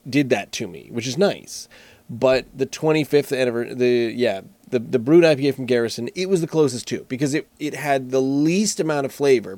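A man's voice: medium pitch, a little mellow, no room sound. A man casually reviewing beer alone, rambling and joking with frequent restarts. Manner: rambling, self-correcting, jokey. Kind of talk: casual solo talk.

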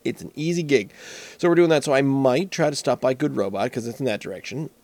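A man's voice: mid-range voice, quick pace, a little mellow, no echo. A man casually reviewing beer alone, rambling and joking with frequent restarts. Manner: rambling, self-correcting, jokey. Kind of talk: casual solo talk.

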